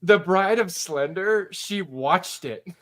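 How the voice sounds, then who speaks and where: A man co-hosting a live podcast, chatting casually and swearing now and then. His voice sits a little high for a man. He tells stories loosely and easily. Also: expressive, slow pace, a bit bright. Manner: laid-back storytelling, swearing. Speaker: podcast co-host. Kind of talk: casual chat.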